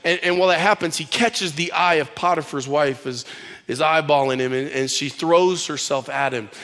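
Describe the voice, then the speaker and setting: Animated male pastor in a big hall. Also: a little high, normal speed. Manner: animated, conversational storytelling with casual slang. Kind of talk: sermon. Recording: long hall reverb.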